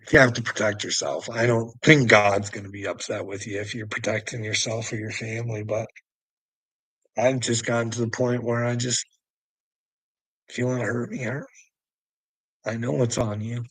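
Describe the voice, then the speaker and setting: A man's voice: medium pitch, steady tone, normal speed, pauses often, a bit bright, slightly rough, no room sound, low-quality recording. A man rambling through a solo monologue, mocking and profane, breaking into laughter between nearly every phrase. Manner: profane and taunting. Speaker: vlogger.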